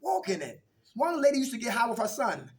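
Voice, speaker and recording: A man's voice: extremely high pitch, sing-song, quick pace, far from the mic. A man leading a recovery meeting, coaching the group with call-and-response questions.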